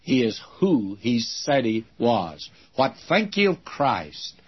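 Older male preacher, husky, folksy and unhurried storyteller, dull lo-fi recording. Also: medium pitch, sing-song. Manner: folksy storytelling, mimics voices in anecdotes. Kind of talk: radio Bible-teaching sermon.

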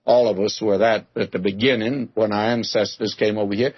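Brisk and steady, a man with a fairly low, slightly rough voice teaches through a scripture passage in an expository sermon. His folksy, conversational style includes homely jokes and addressing listeners as "my friend." The recording is dry, dull, and lo-fi.

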